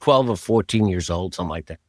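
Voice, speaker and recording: Male podcast host, low voice, easygoing rambler, dry close sound. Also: quick pace, no echo. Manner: relaxed, rambling with many fillers and restarts. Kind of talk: casual interview chat.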